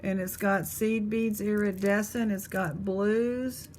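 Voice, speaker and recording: A woman's voice: mid-range voice, steady tone, slow pace, darkish tone, a little hiss or hum. A woman chatting casually to viewers as she sorts through a box of old jewelry and talks to her pet. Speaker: jewelry reseller host. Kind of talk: casual unboxing chat.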